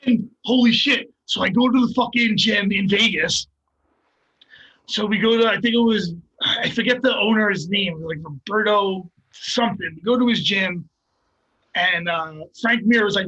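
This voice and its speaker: This man talks high in his register with a bright, somewhat husky tone. He is a jiu-jitsu coach chatting on a podcast, telling stories with animated, profane energy. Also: moderate pace, rough recording. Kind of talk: casual podcast chat.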